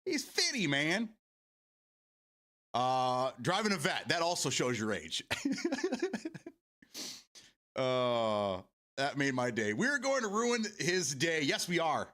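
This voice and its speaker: A man's voice: mid-range voice, sing-song, takes it slowly, pushed and bright. A man streaming games and chatting casually with his viewers, laughing often and swearing freely. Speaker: game streamer. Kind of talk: casual live-stream chat.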